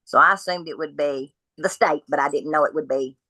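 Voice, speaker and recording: Blunt, forceful woman. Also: low voice, fairly quick, no echo, low-quality recording. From Kentucky. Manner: blunt, animated retelling of dialogue. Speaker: guest. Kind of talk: telling her story in a podcast interview.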